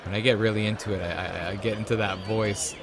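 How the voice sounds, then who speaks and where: Excitable man commentating a boxing game. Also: lowish voice, fast, background noise. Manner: excitable, cheers at the screen, drops to a hushed voice when tense. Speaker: host. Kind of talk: let's-play game commentary.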